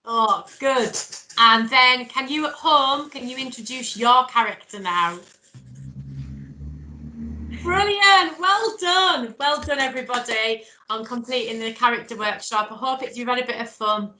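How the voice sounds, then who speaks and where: A woman's voice: a little high, unhurried, bright, forceful tone, slight background noise. A woman leading a drama workshop, giving step-by-step encouraging instructions. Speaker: workshop leader. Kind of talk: guiding a drama exercise. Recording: echoey room.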